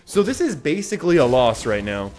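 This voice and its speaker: A man's voice: fairly high pitch, big pitch swings, fairly quick, darkish tone. A young Canadian man streaming live, chatting through his gameplay, laughing often and answering viewers' messages. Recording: faint music behind.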